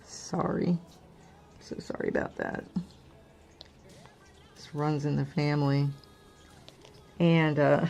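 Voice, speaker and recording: A woman's voice: sits low, vocal fry, darkish tone. A middle-aged woman hosting a crafting channel, chatting casually and candidly with lots of fillers. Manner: candid, rambling, many fillers. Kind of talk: casual personal chat.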